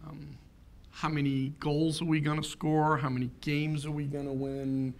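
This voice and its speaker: A man's voice: on the high side, level tone, normal speed, a little hiss or hum. A man in his fifties giving a keynote talk, telling a personal story in an earnest way and building to rhetorical questions. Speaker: keynote speaker.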